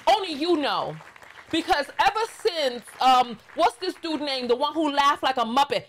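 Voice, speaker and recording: A woman with a New York accent delivers casual vlog commentary in a high, unhurried voice. She is blunt and sarcastic, drawing out words for emphasis as she lectures her audience. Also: lively intonation, a bit bright. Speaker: commentary channel host.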